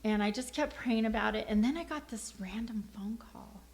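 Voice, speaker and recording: A middle-aged woman giving a personal church testimony, a lively storyteller who acts out the dialogue in her story. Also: fairly high pitch, moderate pace, creaky.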